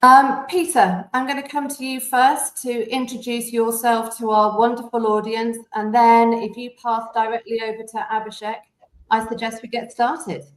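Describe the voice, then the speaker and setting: A woman's voice: fairly high pitch, little pitch movement, moderate pace. A woman with a British accent hosting a webinar, guiding speakers in an organized way. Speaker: webinar host. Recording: echoey room.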